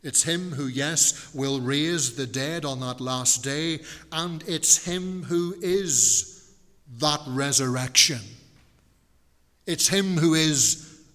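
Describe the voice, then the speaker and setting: Male preacher, measured and deliberate, higher-pitched, recorded in a reverberant hall. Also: sharp tone. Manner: slow and deliberate, with restarts and rhetorical questions. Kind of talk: expository Bible teaching.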